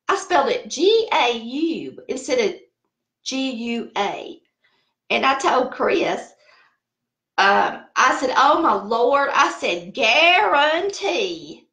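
Fairly high and a bit bright, with vocal fry, the voice of this middle-aged cooking channel host carries a Southern American accent from the Southern United States. She chats casually, telling stories and laughing at herself, in a reverberant room.

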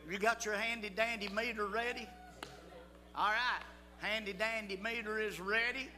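The voice sits high yet holds a steady tone, bright and forceful at a moderate pace. An older man is leading a children's church assembly in a church hall, coaxing and folksy as he calls out to the crowd, with hall reverb and music on the recording.

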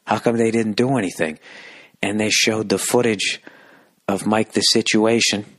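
A man ranting through a comic story on his podcast, swearing constantly and sounding exasperated. His voice sits low with a husky edge. The close, dry recording has no room sound. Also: moderate pace, no room sound. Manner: profane, animated, exasperated. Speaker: podcast host, comedian.

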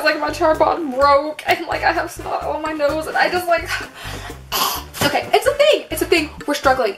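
Chatty young woman, music behind. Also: high-pitched. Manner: chatty, self-mocking, lots of "like" and sarcasm. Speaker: beauty vlogger. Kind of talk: casual makeup tutorial chat. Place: at home in front of a mirror. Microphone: camera propped on a table.

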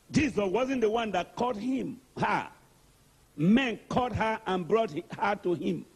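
Husky, animated Nigerian preacher. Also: male voice, very high voice. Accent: Nigerian English. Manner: call-and-response, emphatic. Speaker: archbishop, preacher. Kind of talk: sermon.

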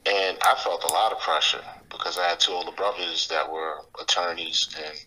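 A man's voice: deep voice, little pitch movement, moderate pace, pushed and bright, poor audio. A middle-aged man speaking as a podcast guest, reflective and motivational, with frequent filler phrases. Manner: reflective, motivational, many "you know" fillers. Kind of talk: casual interview talk.

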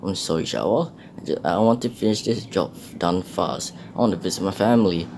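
A man's voice: deep voice, brisk, creaky, darkish tone, a little hiss or hum. A man voicing a patient, earnest male engine driver in a homemade storybook tale. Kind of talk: storybook voice acting.

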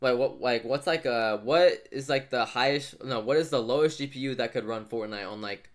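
A man's voice: mid-range voice, normal speed. A young man streaming a video game, chatting casually with friends and viewers and trash-talking with lots of slang. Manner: excitable trash talk with slang. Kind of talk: casual gaming chat.

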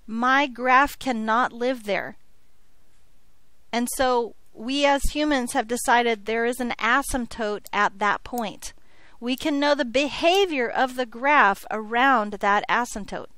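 A woman teaching algebra to a classroom, quick with a joke and always checking that the students follow along. Her voice sits high and bright in pitch. The sound is dry and close, with little room echo. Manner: playful, jokey, checks in with frequent "okay?". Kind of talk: classroom lecture.

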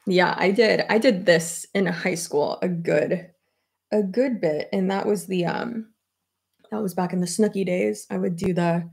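A woman's voice: fairly low pitch, unhurried, gravelly, darkish tone, slightly rough. A woman in her thirties chatting casually at her desk while doing her hair, rambling and laughing often. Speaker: YouTuber. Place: home office at her desk.

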